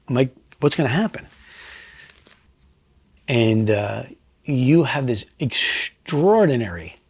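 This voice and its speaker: A middle-aged man and retired state trooper, telling his story bluntly in a sit-down interview, swearing freely and pausing to reflect. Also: mid-range voice, husky, dry recording. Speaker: retired state trooper and crime scene investigator.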